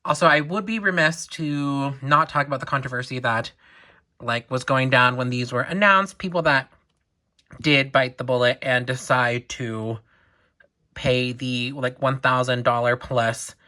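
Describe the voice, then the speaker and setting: A young woman collector chatting casually through a doll unboxing, excitable and chatty with lots of "like" asides. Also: a bass voice.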